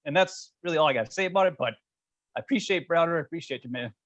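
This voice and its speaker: A passionate podcast co-host gets fired up easily in casual conversation, talking fast. His voice is a little high and fairly bright, animated, and recorded dry.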